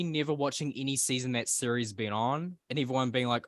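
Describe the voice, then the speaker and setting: A man talks casually on an online panel in a mid-pitched voice. He is playful and chatty and slips into joking rants. The sound is close and dry. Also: fairly quick, hardly any pauses, no echo. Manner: playful, chatty, mock-ranting. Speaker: panelist assessing new cast.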